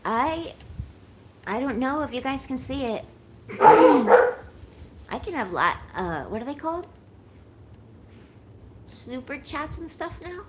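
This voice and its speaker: A woman's voice: high-pitched, lively intonation, slow pace, long pauses. A woman in her forties chats with her viewers on a casual livestream. She sounds shaky and unwell, and she rambles with emotion and thanks them again and again. A faint hum of room noise sits behind her. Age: 40s.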